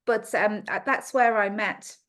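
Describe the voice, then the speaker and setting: A middle-aged woman with an Australian accent, a guest on a podcast, telling a personal story in an animated way. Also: medium pitch, a little slow. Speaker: guest naturopath.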